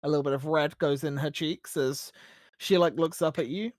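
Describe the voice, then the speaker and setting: A game master narrates a tabletop game scene in a loose, easygoing way, scattering fillers through the description. The voice is mid-pitched and the sound is dry and close. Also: moderate pace, no room sound. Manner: relaxed, casual narration with fillers like "like".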